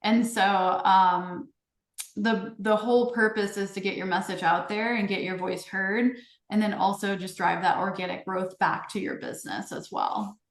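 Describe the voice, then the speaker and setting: A woman's voice: medium pitch, steady tone, normal speed. Enthusiastic woman guest in roomy echo. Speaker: guest, agency co-founder. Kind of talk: conversational interview.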